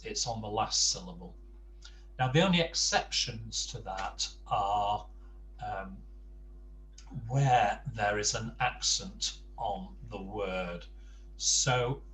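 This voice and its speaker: Slow patient man teaching, distant mic. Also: mid-range voice, a bit bright. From England. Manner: slow, patient, many ums and uhs. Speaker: Spanish teacher. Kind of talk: relaxed lesson explanation. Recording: distant mic with faint hum.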